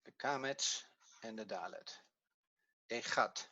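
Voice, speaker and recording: A man's voice: fairly low pitch, slow, sharp tone, no echo, highs cut off. A man teaching an evening language class, patiently explaining step by step and thinking aloud as he works. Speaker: Hebrew teacher.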